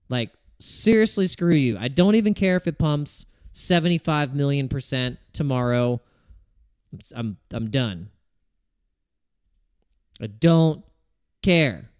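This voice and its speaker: A man with a fairly high voice that swings widely up and down as he rants on a livestream. He talks in a fed-up, swearing, rambling way, full of restarts. His voice sounds close and dry, with no room around it. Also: expressive, takes it slowly, long pauses, a little mellow, smooth, dry recording. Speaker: crypto trading livestream host. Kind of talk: casual livestream rant.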